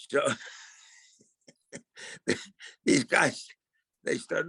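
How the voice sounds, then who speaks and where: An older man, a guest, telling a casual story in a gravelly voice and acting out the dialogue. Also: medium pitch, slow pace, long pauses, no echo. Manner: animated, acts out quoted dialogue.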